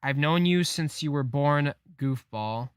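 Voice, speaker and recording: A man reading the lines of a determined young woman who is leaving the boy she raised, in a slow, earnest delivery. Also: a little high, smooth, no echo, clean studio sound, natural voice.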